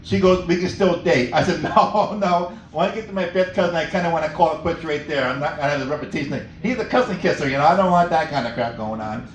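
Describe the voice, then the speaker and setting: On a small cafe stage before a live audience, a middle-aged man performs stand-up, rambling and laughing at his own jokes. His voice is a little high and quick, with hardly any pauses and a faint hiss or hum. The room echoes, and the mic sits far away.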